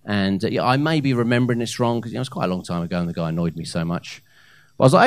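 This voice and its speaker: A man in his thirties performing a live stand-up set on a comedy club stage into a handheld mic, with hesitant fillers and loud punchlines. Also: on the low side, very fast, no echo, studio quality. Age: 30s.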